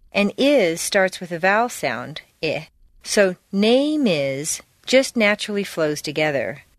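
A woman slowly modeling linked phrases for a pronunciation lesson. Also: lowish voice, no room sound. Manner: deliberate, drawn-out model phrases. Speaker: example reader in an accent lesson. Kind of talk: slow pronunciation demonstration.

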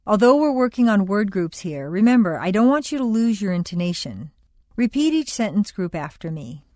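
A woman narrating a scripted audio lesson on speech, as the instructor, with clear and measured delivery. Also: mid-range voice, very animated, darkish tone, no room sound, clean studio sound. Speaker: accent training instructor.

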